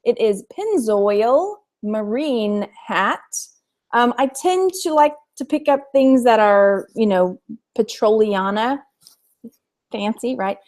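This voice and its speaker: Texas woman reseller on a live stream, chatty, laughs a lot, slightly high voice. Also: expressive, takes it slowly, darkish tone. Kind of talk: casual live-stream chat.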